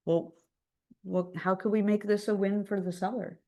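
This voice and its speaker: A woman's voice: medium pitch, moderate pace. A woman leading a live real estate training class, talking casually and acting out phone calls with other agents. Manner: lively, conversational, acts out phone calls.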